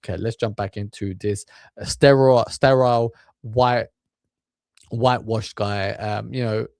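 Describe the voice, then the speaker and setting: A man's voice: lowish voice, fairly even intonation, a little slow, vocal fry, no echo, studio quality. A man ranting in crude, swear-filled commentary, stacking up filler words as he goes. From England. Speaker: commentary channel host.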